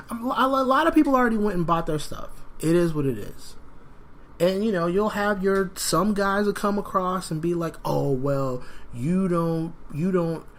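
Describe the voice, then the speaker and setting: A man hosting a solo podcast in a rambling, animated way, sniffling from a cold. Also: sits high. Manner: rambling and animated, frequent fillers. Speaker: podcast host. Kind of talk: casual solo podcast talk.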